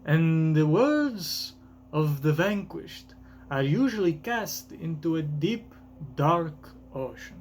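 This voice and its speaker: Guy doing a grave old scientist voice, slow and heavy, wobbly put-on accent. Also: a little high, very animated, a little mellow, a little hiss or hum. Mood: solemn. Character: grieving old male genius scientist, solemn.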